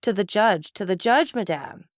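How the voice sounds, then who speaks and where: A woman's voice: medium pitch, lively intonation, moderate pace, no room sound, clean studio sound, pitched above the performer's own voice, lightly acted. A woman voicing a stern, cold-blooded male magistrate who speaks with contempt and accusation. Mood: accusing.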